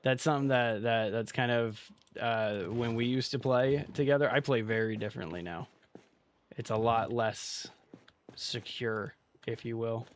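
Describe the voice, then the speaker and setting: A man's voice: medium pitch, a little slow. Chatty male game streamer. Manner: chatty, talks to chat while playing. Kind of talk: casual live gameplay commentary.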